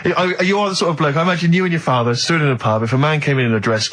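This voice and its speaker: A man's voice: fairly high pitch, very fast, fairly bright tone, slight background noise. A male radio co-host in a studio, bantering casually and teasing the others with wry asides.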